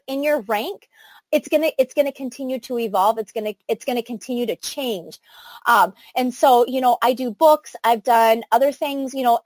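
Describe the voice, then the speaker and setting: A middle-aged network marketing team leader runs a motivational training session for her sales team, sounding enthusiastic and chatty, with lots of fillers and restarts. Her voice is high-pitched and the recording is dry.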